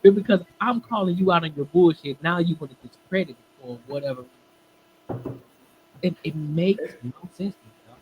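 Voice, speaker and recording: A man's voice: a little high, normal speed, narrow, tinny audio, a little hiss or hum. A man in his thirties co-hosting a casual podcast, speaking emphatically and acting out his run-ins with the police. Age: 30s. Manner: emphatic, plain-spoken, acts out cop exchanges. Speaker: podcast co-host. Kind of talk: casual chat.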